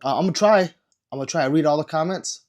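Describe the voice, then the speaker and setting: A man who is sick, chatting casually on a livestream and reading viewer comments aloud with low energy. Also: fast.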